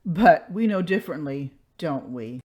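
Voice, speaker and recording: A woman's voice: low voice, animated, measured pace, darkish tone, slightly rough. A woman hosting a commentary channel, talking in a sarcastic, exasperated reaction style.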